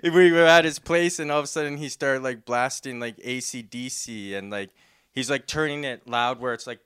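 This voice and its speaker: A man's voice: medium pitch, moderate pace, fairly bright tone, clean tone. A young man telling a story in casual chat, rambling with lots of "like", laughing often and acting out the voices.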